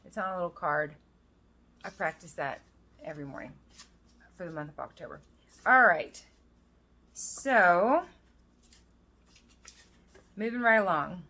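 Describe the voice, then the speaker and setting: A woman in her thirties talks straight to her viewers in a casual vlog. Her voice sits a little low, and she turns reflective and earnest as she reads verses aloud. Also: a little slow, pauses often, bright, forceful tone. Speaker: vlogger. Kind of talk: casual personal vlog with scripture reading. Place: outdoors in the rain.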